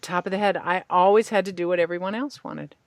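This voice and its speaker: A woman hosting a podcast as a tapping practitioner, calmly guiding her guest through tapping points and phrases to repeat. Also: lowish voice, fast, dry recording, studio quality.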